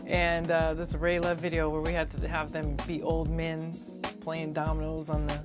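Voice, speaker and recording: A woman's voice: deep voice, monotone, normal speed. A woman in a documentary interview, recalling past work in an upbeat way. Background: music bed.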